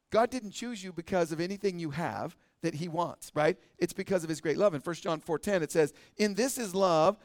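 A man teaching a church service, speaking earnestly in a conversational way, often asking "right?", and reading scripture slowly and deliberately. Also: high-pitched, no echo, clean studio sound. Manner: earnest, asks the crowd with a frequent "right?". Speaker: pastor teaching a midweek service.

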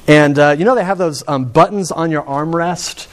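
Male preacher, conversational sermon, storytelling, rising emphasis, slightly high voice. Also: moderate pace. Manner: chatty and storytelling, with frequent restarts and rising emphasis.

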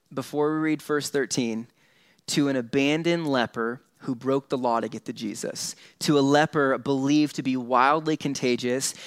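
A man preaching a sermon, lively and conversational, dropping quiet and slow for dramatic moments. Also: mid-range voice, smooth, no room sound. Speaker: pastor.

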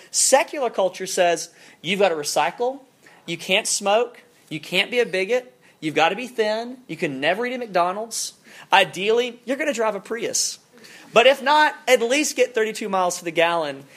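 A campus minister preaching a sermon in a conversational, animated storytelling way, with casual fillers. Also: medium pitch.

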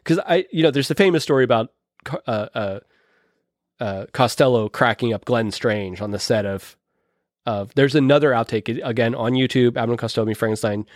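Male podcaster, mid pitch, rambling and enthusiastic, dry close sound. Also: fairly quick, no room sound. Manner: rambling, many restarts, enthusiastic. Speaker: podcast host or guest discussing films. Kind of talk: casual chat.

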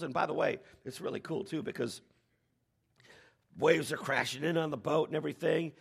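A man preaching a sermon as pastor, animated, with dramatic quoted lines. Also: on the high side, normal speed, vocal fry, pauses often, slightly rough.

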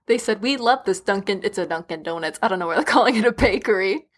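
A woman with a mid-range voice trading jokes in a relaxed conversation about a book. Her remarks are wry and sarcastic. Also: mid-range voice, fast talker, slightly rough. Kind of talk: casual chat.

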